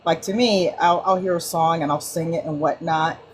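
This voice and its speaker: A woman on an online group call, sharing casually with lively, acted-out anecdotes and frequent restarts. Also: low-pitched, moderate pace, a little hiss or hum, poor audio. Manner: animated storyteller, many restarts and acted-out quotes. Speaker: book club participant.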